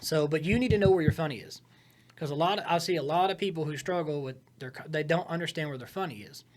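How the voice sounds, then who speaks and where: A man in casual podcast talk, coaching comedy writing in an emphatic, animated way, shifting his tone for effect. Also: a little high, quick pace, a little hiss or hum. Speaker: comedian giving writing advice.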